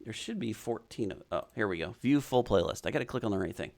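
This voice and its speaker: A man hosting a casual live stream, chatting and reading viewer comments aloud as he thinks out loud. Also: lowish voice, animated, quick pace, vocal fry, few pauses.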